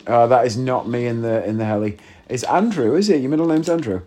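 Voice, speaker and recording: A man's voice: mid-range voice, fast, a little mellow. A man hosting a podcast, chatting casually and joking, rambling and easily sidetracked while playing a video game at home. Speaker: podcast host. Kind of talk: casual chat. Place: home, gaming while recording.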